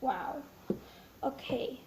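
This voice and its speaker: A woman's voice: drawn-out words, a little mellow. A young woman chatting nervously while making slime for her vlog, sometimes dropping to a whisper. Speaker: vlogger. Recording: echoey room with faint noise.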